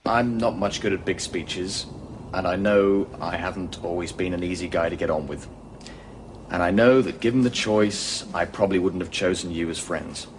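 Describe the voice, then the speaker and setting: An actor playing an awkward, prickly man making a halting farewell speech in a TV comedy. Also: deep voice, slight background noise, close to an everyday voice, low-quality recording. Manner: halting, slow.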